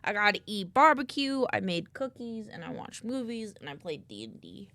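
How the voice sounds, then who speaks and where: A woman's voice: medium pitch, big pitch swings, normal speed, pushed and bright, no room sound. A sleepy woman streamer chatting casually, reading chat aloud and yawning while she works. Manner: rambling, reads chat aloud while working, drowsy.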